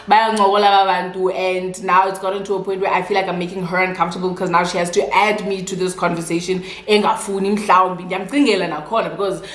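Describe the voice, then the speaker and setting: A young South African woman with a Xhosa-influenced accent, telling a casual storytime while eating, chatty and animated. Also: fairly low pitch, quick pace, few pauses, echoey room. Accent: South African, Xhosa-speaking. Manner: chatty, code-switching, animated retelling. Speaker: vlogger.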